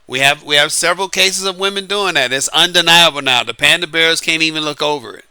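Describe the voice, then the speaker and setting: A man's voice: fairly high pitch, a little fast, sharp tone, smooth, no room sound. A man from New Orleans with a light Southern accent, talking through dating advice in a casual, emphatic monologue, repeating his points and chuckling between them. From New Orleans, Louisiana.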